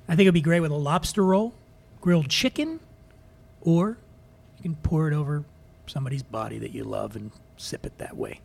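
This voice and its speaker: A man's voice: sits high, lively intonation, brisk, gravelly. A man from Philadelphia hosting a drinks podcast, jokey and profane as he reviews bottles. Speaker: podcast host. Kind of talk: casual podcast monologue.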